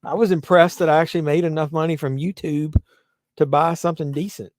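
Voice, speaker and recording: A man's voice: fairly high pitch, fairly even intonation, brisk, dry recording. A man hosting a live movie watch-along, rambling conversationally with many fillers and restarts. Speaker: host.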